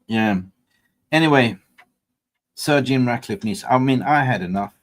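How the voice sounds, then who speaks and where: A man's voice: mid-range voice, lively intonation, measured pace. A man hosting a football fan channel, reacting with exasperated rhetorical questions. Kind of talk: reaction commentary.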